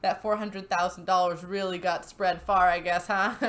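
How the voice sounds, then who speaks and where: Woman host, casual commentary, chatty, giggly, mid-pitched voice. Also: steady tone, takes it slowly, fairly bright tone, a little hiss or hum. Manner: chatty, giggly, full of fillers. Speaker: channel host.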